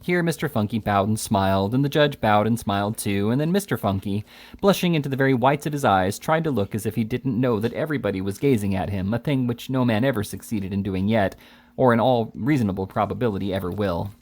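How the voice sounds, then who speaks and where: Male reader of a classic novel: measured, expressive audiobook-style delivery, occasional stumbles. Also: lowish voice. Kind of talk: audiobook-style reading aloud.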